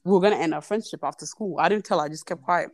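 A woman's voice: fairly low pitch, racing. A young woman guest chatting on a podcast, telling a story animatedly and swearing freely. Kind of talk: casual chat, storytelling.

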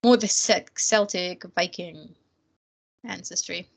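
A woman's voice: fairly low pitch, slow, gravelly. A woman from Germany, a native German speaker, telling stories in casual English chat with a slight German accent and frequent laughter. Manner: chatty storyteller, laughs often.

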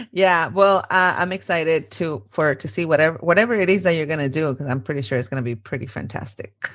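A woman's voice: low-pitched, animated, normal speed, fairly bright tone. A woman in her thirties co-hosting a podcast in casual chat, laughing often and mixing in Spanish phrases. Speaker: podcast co-host.

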